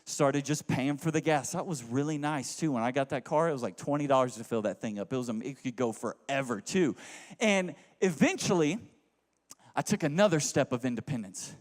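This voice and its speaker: A young man from Houston preaching a sermon, telling a joking, animated story that swings between loud bits and low asides. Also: a little fast. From Houston, Texas. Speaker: pastor. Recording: long reverb of a large hall.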